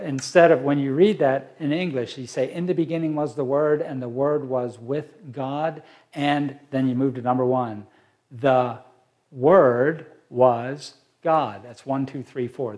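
A man teaching a Bible study, reading verses aloud and explaining them slowly with fillers. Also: medium pitch, steady tone, dark tone.

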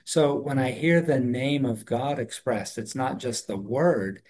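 A man's voice: medium pitch, lively intonation, a little slow, darkish tone, a little hiss or hum. A man co-hosting a conversational Bible study, talking in an earnest, thoughtful way with frequent restarts. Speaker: co-host of a Bible discussion.

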